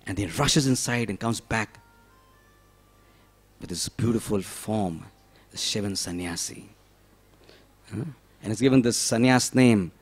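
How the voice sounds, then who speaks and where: A man preaching a devotional sermon, storytelling with dramatic swings from loud pleading to hushed whispers and frequent rhetorical questions. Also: on the low side, measured pace, pauses often, husky.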